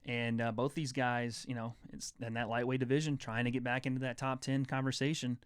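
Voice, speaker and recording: A man's voice: medium pitch, level tone, brisk, clean tone, no room sound. Young man rambling about fights, dry sound. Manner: rambling, enthusiastic fight talk. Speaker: host. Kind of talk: casual sports chat.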